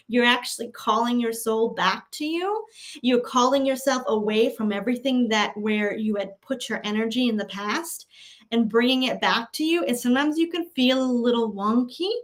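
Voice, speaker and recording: A woman acting as a spiritual guide, earnestly leading listeners through a slow, repeated affirmation exercise and spiritual talk. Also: a little high, a bit bright.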